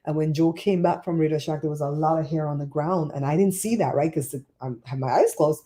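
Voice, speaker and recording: Middle-aged woman livestream host, chatty and animated, mellow lower voice. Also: a little fast. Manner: chatty, animated storyteller reading chat. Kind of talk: casual livestream chat.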